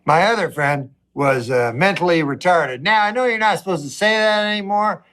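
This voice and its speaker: A man doing a rambling, wry stand-up routine, swinging between low mutters and a raised voice. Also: moderate pace, a bit bright. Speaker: stand-up comedian.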